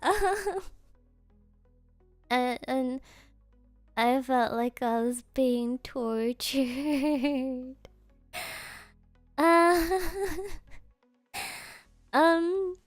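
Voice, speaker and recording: High, slow, giggly woman streamer. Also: no room sound, faint music behind. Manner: giggly, rambling, heavy fillers with Japanese interjections. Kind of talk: casual storytelling chat.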